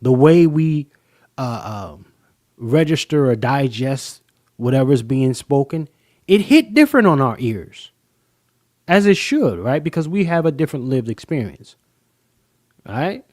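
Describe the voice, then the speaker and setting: A man hosting a casual livestream, talking emphatically in loose slang with frequent pauses. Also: mid-range voice, sing-song, a little mellow, no room sound, clean studio sound. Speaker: livestream host.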